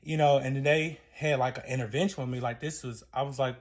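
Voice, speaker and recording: A man's voice: medium pitch, fairly even intonation, quick pace. A young man telling a personal story in a casual vlog. He talks in an emotional, rambling way, with lots of cursing and fillers.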